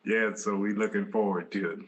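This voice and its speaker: A man's voice: on the low side, fairly even intonation, a little fast. A man hosting a group phone call, affirming the callers in an easygoing way. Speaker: call host.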